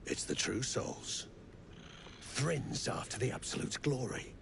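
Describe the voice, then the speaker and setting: An actor playing a gruff, greedy mercenary who talks in coarse, threatening slang. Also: male voice, medium pitch, lively intonation, slow pace, noisy background. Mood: wheedling.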